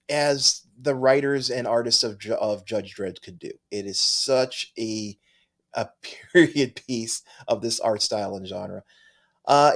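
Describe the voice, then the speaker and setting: Male co-host, casual comic talk, eager and rambling, mid pitch. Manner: enthusiastic, with frequent restarts. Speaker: podcast co-host. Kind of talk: casual chat.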